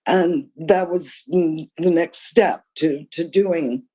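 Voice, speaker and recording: A woman's voice: on the low side, takes it slowly, poor audio. An older woman answering interview questions, candid and emphatic, telling stories from her career. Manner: candid, emphatic, with lively storytelling. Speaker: guest author.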